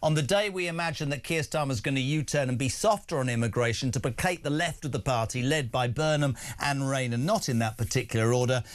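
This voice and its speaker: A man's voice: medium pitch, a little fast, hardly any pauses. A man hosting a breakfast talk show, speaking in an indignant, emphatic way as he gives his opinions. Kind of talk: opinionated radio debate.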